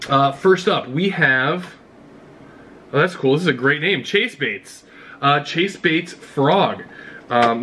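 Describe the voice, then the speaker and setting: A man vlogging an unboxing in an excitable, casual way, talking straight to his viewers. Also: medium pitch, slight background noise. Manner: excitable, talks to viewers directly. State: out of breath. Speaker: fishing vlogger.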